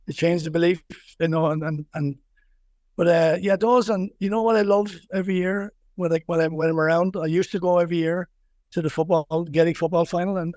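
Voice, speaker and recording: Middle-aged Wexford Irish man, fairly high voice, close dry mic, rambling guest who restarts often. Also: a little mellow, dry recording. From Ireland. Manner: rambling, many restarts and repeated words, laughs easily. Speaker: boxing coach, guest. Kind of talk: casual podcast interview.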